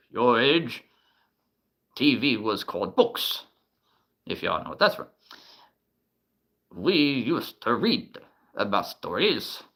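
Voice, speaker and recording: A man voicing a cranky, doddering elderly grandpa in a slow, quavering, grumbling manner. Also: mid-range voice, sharp tone, full character voice, poor audio.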